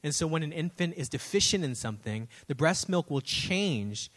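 Man in his 30s, pastor, sermon, lively storyteller, says y'all, slightly higher voice. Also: normal speed. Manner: animated storytelling, addresses audience as y'all.

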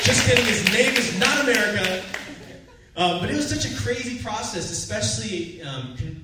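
A young man, a pastor, telling a personal story in a sermon with lively build-ups. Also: high-pitched. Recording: echoey room from far off.

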